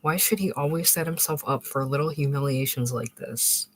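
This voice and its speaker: A narrator reading a literary short story aloud in a measured way, with occasional small restarts. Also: medium pitch, a bit bright, low-quality recording.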